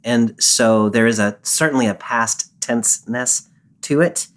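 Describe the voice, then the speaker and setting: A man co-hosting a podcast, explaining a psalm in a measured, patient way and quoting its verses. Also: mid-range voice. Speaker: podcast co-host and Bible scholar. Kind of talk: casual discussion.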